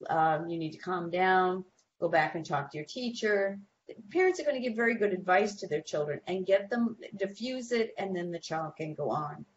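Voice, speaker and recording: Lively woman giving school advice. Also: fairly low pitch, normal speed, dull audio, a little hiss or hum. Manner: animated storytelling, acts out quoted people. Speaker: guest behavior expert. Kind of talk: advice on a talk show.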